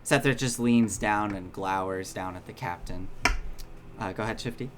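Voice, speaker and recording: A man's voice: fairly low pitch, moderate pace, over a noisy crowd. A man narrating a tabletop game as game master, descriptive and full of fillers.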